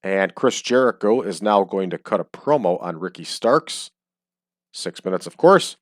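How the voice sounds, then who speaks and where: A man's voice: low-pitched, a little slow, dry recording. Chatty man with a dry, close voice. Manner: chatty, jokey, with frequent ums. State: hiccups. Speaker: game streamer. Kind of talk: casual let's-play commentary. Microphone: desk microphone.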